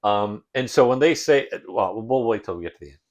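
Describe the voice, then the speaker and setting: A man's voice: fairly low pitch, fairly quick. A man co-hosting a podcast in casual chat, telling the story with lots of swearing and acted-out bits. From Canada. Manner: animated, swears a lot, acts out scenes. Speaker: podcast co-host.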